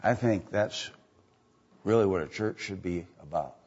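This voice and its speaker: A pastor with a deep, unhurried, slightly mellow voice and a breathy edge delivers a sermon. He repeats lines and poses rhetorical questions to the congregation, all on a dull lo-fi recording.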